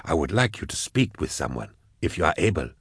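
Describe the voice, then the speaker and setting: A man voicing a gentle, calm male hospice carer in robes, speaking softly and soothingly in an audiobook reading. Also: a bass voice, brisk, slightly rough, dry recording, clean studio sound, heavily acted. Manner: soft-spoken, calm, soothing.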